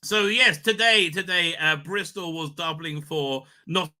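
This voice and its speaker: A man hosting a live stream, talking in a rambling, animated way, swearing and laughing often. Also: on the high side, measured pace. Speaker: livestream host. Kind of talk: casual live-stream chat.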